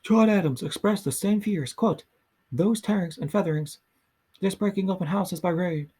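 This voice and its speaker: A man reading a history book aloud in a soft ASMR style, slow and halting, often stumbling and restarting words. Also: high voice, breathy edge. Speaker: ASMR reader.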